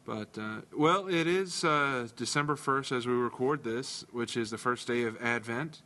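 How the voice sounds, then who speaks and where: A man co-hosting a casual podcast chat, dry and hesitant, pausing with many fillers. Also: mid-range voice, pushed and bright. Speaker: podcast co-host.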